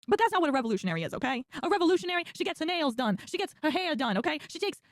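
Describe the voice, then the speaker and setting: A high-voiced woman rattles through her commentary at a breakneck clip, her pitch bouncing all over the place. She is sassy and teasing, and she tags her sentences with "okay?". The sound is close and dry. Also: big pitch swings, rapid-fire, no room sound. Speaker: political commentary vlogger. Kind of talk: energetic event recap commentary.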